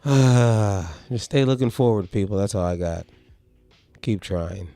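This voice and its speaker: A laid-back male podcast co-host with a fairly low voice. He chats casually and chimes in with short agreements. Faint music sits behind him. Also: a little slow, dark tone, no room sound. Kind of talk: casual chat.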